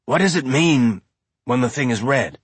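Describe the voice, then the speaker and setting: A man voicing a hardened male ex-cop who speaks slowly and bluntly. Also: mid-range voice, animated, breathy edge, no room sound. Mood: gruff.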